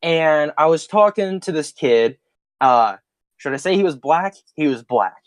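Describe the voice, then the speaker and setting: Lively young man telling stories. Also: a little high, unhurried, no room sound. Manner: animated, profane, laughs mid-story. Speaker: podcast co-host. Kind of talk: casual storytelling chat.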